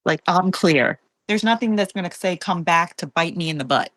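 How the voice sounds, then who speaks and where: A woman's voice: fairly low pitch, expressive, moderate pace, a bit bright, no room sound, rough recording. A woman podcast guest opening up in a candid personal conversation, emotional and rambling with many fillers.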